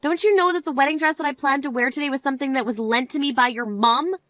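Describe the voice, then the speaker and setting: A woman's voice: sits high, fast talker, a bit bright, no echo. A woman voicing a young bride in an amateur voice drama, speaking in a firm, self-assured manner. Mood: upset. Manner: indignant, then cool and firm.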